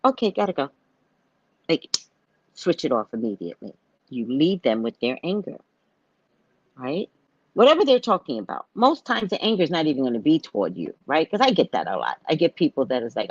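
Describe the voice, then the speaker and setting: Older woman with a low voice chatting to her viewers, jumps all over in pitch, dull dry sound. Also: slightly rough, no room sound. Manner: animated storytelling, acting out quoted voices. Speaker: psychic reader and live show host. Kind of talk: casual live talk to viewers.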